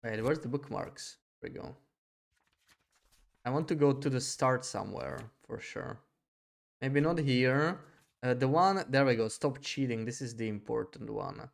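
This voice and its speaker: A man's voice: medium pitch, a little slow, creaky. A young adult man streaming a game live, thinking aloud in a hesitant, rambling way with frequent restarts.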